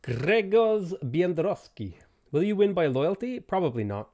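A man streaming a game, casually greeting viewers by name and giving quick offhand answers to their questions. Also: high-pitched, big pitch swings, warm tone. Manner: greets chat viewers by name between game setup remarks. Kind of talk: casual live-stream chat.

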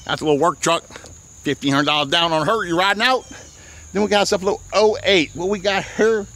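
A man, a used car dealer walking his outdoor lot and giving a playful, slangy sales pitch. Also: quick pace, a bit bright. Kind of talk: walk-around sales pitch.

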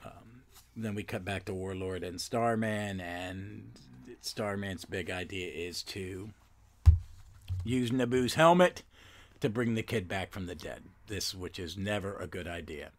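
A man's voice: low-pitched, measured pace. Rambling man recapping a comic. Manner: rambling, with self-corrections and fillers. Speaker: podcast host. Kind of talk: solo comic book recap.

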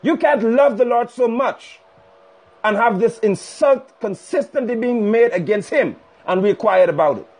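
A man's voice: extremely high pitch, unhurried, darkish tone, husky. A man preaching fiercely on a livestream, rebuking and hammering points with repetition. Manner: fiery, rebuking, emphatic repetition. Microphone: phone livestream.

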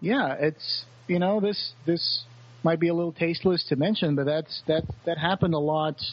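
A man co-hosting a podcast in casual book talk, halting and repeating words as he thinks. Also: a little high, steady tone, muffled recording. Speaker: podcast co-host.

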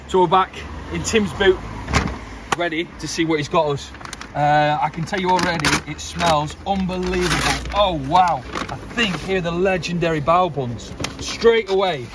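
A man hosting a casual food vlog outdoors, excitable and enthusiastic as he reviews takeaway food. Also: a little high, normal speed. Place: outdoors by a car on a street. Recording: noisy street with passing traffic.

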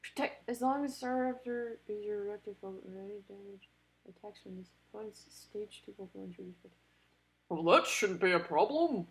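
A woman giving casual commentary while playing a card game, excitable, talking to the cards and groaning or cheering at each turn. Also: medium pitch, moderate pace, slight background noise. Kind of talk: casual let's-play commentary.

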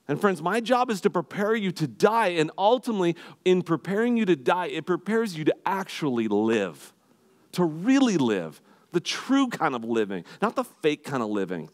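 A man's voice: a little high, big pitch swings, normal speed. A man preaching a sermon as pastor, earnest and emphatic.

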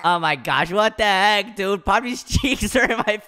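A woman hosting a game video, goofy and excitable, exclaiming often while she plays. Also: mid-range voice, moderate pace, heavy background noise. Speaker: gaming channel host.

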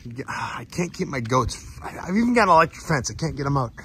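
A man walking around his farm and new food truck, chatting excitedly and then muttering quietly to himself. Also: medium pitch, fast, slight background noise. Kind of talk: casual walk-around vlog. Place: outdoors on a farm with animals.

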